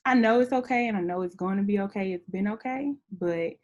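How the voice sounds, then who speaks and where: A woman's voice: medium pitch, a little fast, a little mellow, dull audio. A young woman from Memphis, a podcast guest, telling a painful family story and fighting back tears. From Memphis, USA. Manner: tearful, laughing to hold back tears. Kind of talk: emotional personal story.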